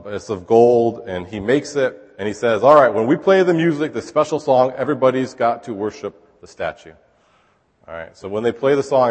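Husky-voiced male preacher in a hall. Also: fairly low pitch. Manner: chatty, asks the listeners rhetorical questions. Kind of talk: conversational sermon. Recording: long hall reverb.

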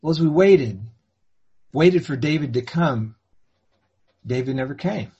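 Husky guy preaching a story, goes hushed then fervent, muffled old recording. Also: a little high, lively intonation, unhurried. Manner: swings between hushed and fervent. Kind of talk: dramatic first-person sermon storytelling.

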